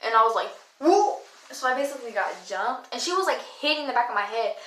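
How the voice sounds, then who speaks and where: A young woman with a slightly high voice tells a story in a blunt, slangy, profane way. The room around her is noticeably echoey. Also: fast talker, sharp tone, slight background noise. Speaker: vlogger. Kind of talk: casual storytelling.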